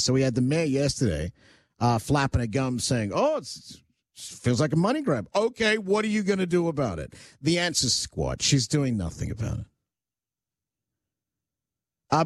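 A man's voice: fairly high pitch, dry recording, clean studio sound. A male talk radio host chatting casually, teasing callers and ranting wryly. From Canada. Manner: wry, teasing, ranting asides.

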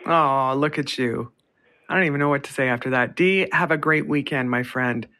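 Bright-voiced woman radio host, chatty. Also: rumbling low, normal speed. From Canada. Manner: chatty, laughs often while telling a story. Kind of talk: storytelling on a call-in radio show.

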